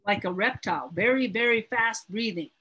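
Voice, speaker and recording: A woman's voice: on the high side, normal speed, a bit bright, breathy edge, rough recording. A woman teaching a Bible study class in an earnest, emphatic way, often repeating her words.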